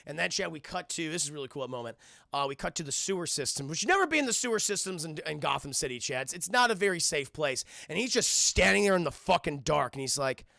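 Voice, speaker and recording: A man's voice: fairly high pitch, expressive, vocal fry, bright, forceful tone, no echo, clean studio sound. A man streaming a casual, rambling cartoon episode recap, swearing, talking to his chat and briefly acting out characters' lines. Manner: acts out characters' lines in quick voices.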